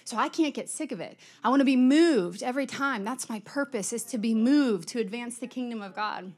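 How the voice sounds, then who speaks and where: A woman's voice: a little high, animated, brisk, a little mellow. A middle-aged woman giving a conversational sermon, chatty and storytelling, acting out quoted exchanges. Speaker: church speaker.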